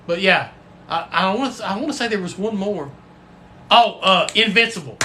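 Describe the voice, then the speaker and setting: A man's voice: high voice, expressive, normal speed, sharp tone, a little hiss or hum. A man hosting a casual livestream, folksy and rambling, with the odd cuss word. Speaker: livestream host and football coach.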